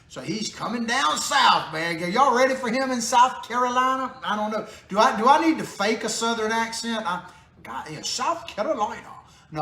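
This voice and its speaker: A man's voice: high voice, bright, forceful tone. A man hosting a political commentary show in a small home studio, talking casually with sarcastic jokes and frequent chuckles. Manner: joking, sarcastic asides, chuckles often. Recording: roomy echo in a small studio.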